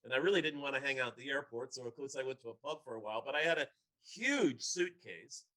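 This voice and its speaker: A man's voice: medium pitch, animated, quick pace, bright, forceful tone, poor audio. A man telling a casual anecdote in a church discussion, chatty and laughing now and then.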